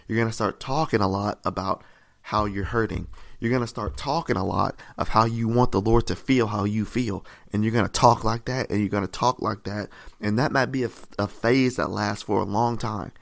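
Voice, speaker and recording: A man preaching a sermon in a conversational, repetitive way, often checking in with "right?" and rising in pitch and volume to stress a point. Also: creaky. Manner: rises in pitch and volume for emphasis.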